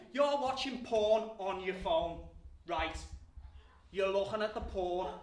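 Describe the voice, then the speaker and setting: A man's voice: sits high, fairly bright tone. A man performing a crude live stand-up rant, talking straight to the crowd. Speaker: comedian. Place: live venue before an audience. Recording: roomy, distant mic, faint noise.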